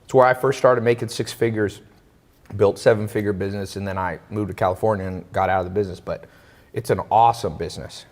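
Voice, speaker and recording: Animated storytelling man, echoey hall. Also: on the low side, quick pace. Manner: animated, acts out quoted voices. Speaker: interview host. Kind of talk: storytelling in casual interview chat. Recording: long hall reverb.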